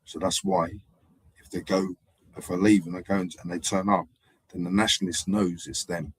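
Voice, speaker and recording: A man drifts through a meandering live-stream monologue, circling back and repeating himself. His voice sits low and has a husky edge. The sound is dry and close. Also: flat delivery, normal speed, no room sound, rough recording. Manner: digressive, hesitant, repeats himself. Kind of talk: rambling casual monologue.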